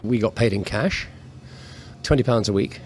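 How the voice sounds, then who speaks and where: A man, now a politician and once an actor turned DJ, recalling his time on the ship in a measured, wry way. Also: on the low side, slight background noise. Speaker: politician and former DJ. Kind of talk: reminiscing interview.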